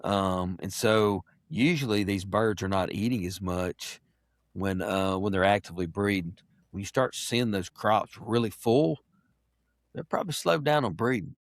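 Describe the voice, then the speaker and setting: A middle-aged man, a podcast guest chatting casually and telling lively stories, now and then imitating animal calls. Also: lowish voice, a little slow, no room sound, studio quality. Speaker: podcast guest, wildlife biologist. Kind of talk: casual interview chat.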